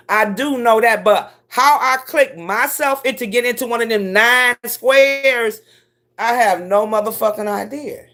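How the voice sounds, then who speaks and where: A middle-aged woman telling stories on a casual livestream, cursing freely and leaping up in pitch when she acts out what people said. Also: normal speed. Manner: profane, animated storyteller who swoops up high for quoted voices. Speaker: live streamer.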